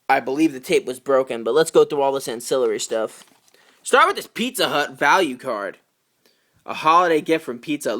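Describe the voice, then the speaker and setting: A man's voice: fairly high pitch, fairly bright tone. A young man from New York giving casual unboxing commentary as a video collector, chatty and full of jokey asides.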